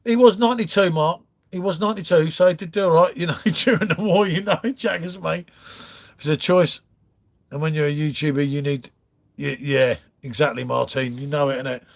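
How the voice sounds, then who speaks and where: Fairly quick and gravelly, his voice sits on the high side with a fairly even intonation. He's a livestream host in his front room, casually rambling through comments and calling everyone mate.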